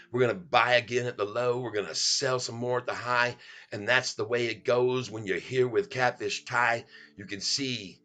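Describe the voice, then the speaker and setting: A middle-aged man hosts a stock market livestream in a playful, sing-song style, joking, rhyming and laughing often to hype his viewers. His medium-pitched voice sounds pushed and bright.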